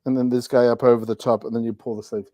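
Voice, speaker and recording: A man's voice: medium pitch, flat delivery, quick pace, warm tone, dry recording. A man co-hosting a casual talk show, telling stories with a playful manner and mimicking animal and neighbor voices. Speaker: co-host. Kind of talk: casual chat.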